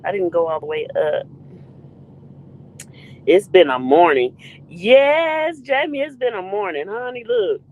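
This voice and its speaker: A woman's voice: mid-range voice, sing-song, a little slow, long pauses, phone-quality sound. A woman hosting a casual live stream, greeting viewers in the chat by name in a playful way.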